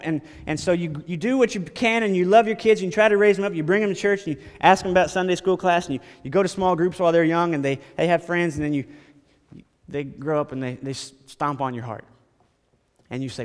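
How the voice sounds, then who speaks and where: Conversational preacher in echoing church. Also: male voice, high-pitched, brisk. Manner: conversational, repetitive phrasing, occasional stammers. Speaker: pastor. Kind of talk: sermon.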